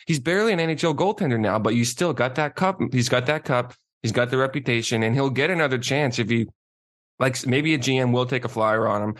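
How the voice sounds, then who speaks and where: A man co-hosting a casual chat, ranting and emphatic. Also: medium pitch. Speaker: podcast co-host.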